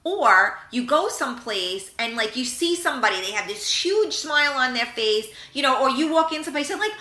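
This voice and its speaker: Her high voice moves at a normal speed through a reverberant space as she hosts a live internet radio show. Frank and animated, she talks up positive thinking, reads viewer comments, and acts out little scenes.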